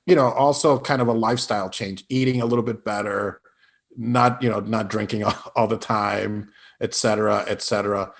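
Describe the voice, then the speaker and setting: A man with a husky, breathy edge to his voice, guesting on a podcast and spinning casual stories from his career. He jumps into quick voices for the people in his anecdotes. His pitch sits mid-range for a man. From Illinois. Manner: animated anecdotes with put-on quoted voices. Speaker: podcast guest, improv actor and comedian. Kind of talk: casual storytelling interview.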